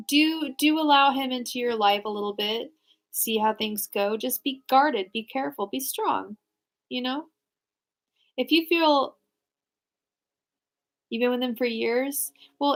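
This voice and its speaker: A young woman giving casual live tarot readings, answering viewers in a frank, chatty way with lots of fillers and restarts. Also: on the high side. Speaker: tarot reader.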